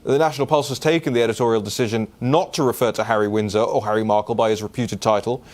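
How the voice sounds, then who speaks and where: A man's voice: steady tone, fast, a little mellow. A man hosting an opinion talk show, speaking casually and scornfully with many fillers, answering listener questions. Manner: casual and scornful, with fillers and sudden pitch jumps.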